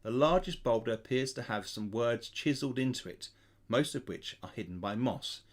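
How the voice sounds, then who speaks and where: Man reading a gamebook out loud for his channel, very up and down voice, chatty asides. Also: mid-range voice, moderate pace. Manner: lively reading with casual asides to chat. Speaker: gamebook player and channel host. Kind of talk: reading aloud and commenting on a gamebook.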